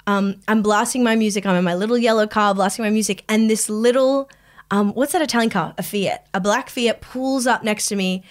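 A young woman co-hosting a podcast, telling an animated story with acted-out voices and frequent laughter. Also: medium pitch, a little fast. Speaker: podcast co-host. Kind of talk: casual chat.

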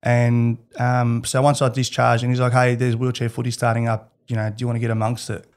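A man with an Australian accent, a guest in an interview, telling personal stories in a candid, animated way and laughing as he goes. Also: medium pitch, brisk. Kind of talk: casual storytelling.

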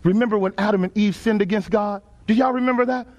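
A man's voice: high voice, fast, a little mellow. A man from Texas with a Texan accent, preaching a sermon to a congregation in a folksy, emphatic call-and-response style. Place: church sanctuary before a congregation.

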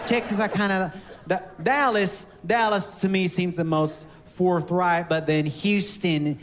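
A man doing a stand-up comedy bit, playful and halting, breaking into laughter as he tries out regional accents. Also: high-pitched, in a large hall, a little hiss or hum.

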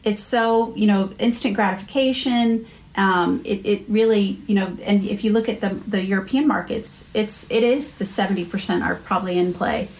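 A woman's voice: mid-range voice, moderate pace, a little mellow. Chatty American woman telling stories. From United States. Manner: chatty storyteller, many fillers and restarts. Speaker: marketing executive guest. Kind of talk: casual podcast interview.

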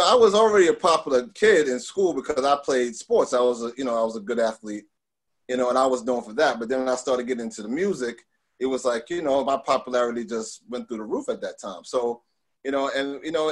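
Man from Long Island, middle-aged guest, animated storytelling, casual chat. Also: mid-range voice. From Long Island, New York. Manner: animated, lots of fillers and restarts.

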